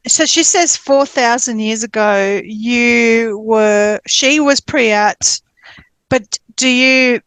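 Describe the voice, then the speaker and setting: A woman's voice: fairly high pitch, slow, fairly bright tone, smooth, no room sound. An Australian woman hosting a podcast, asking careful, clarifying questions and restarting her sentences. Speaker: podcast host. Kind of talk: casual podcast interview.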